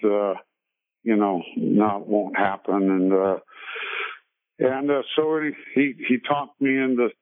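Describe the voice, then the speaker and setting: An older singer being interviewed, telling a long story with many fillers and restarts. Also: male voice, fairly low pitch. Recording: tinny phone-line radio call.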